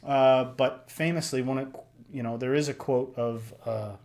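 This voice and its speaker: A man hosting a casual reaction discussion, talking in an animated way that swings up and down. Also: measured pace, creaky. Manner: animated, shifts pitch and loudness a lot, acts out voices. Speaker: reaction video host.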